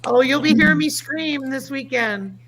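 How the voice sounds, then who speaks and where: A woman's voice: sits high, normal speed, a bit bright, slight background noise. A middle-aged woman hosting a casual livestream chat. She tells folksy stories and reads viewer comments aloud. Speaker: livestream host.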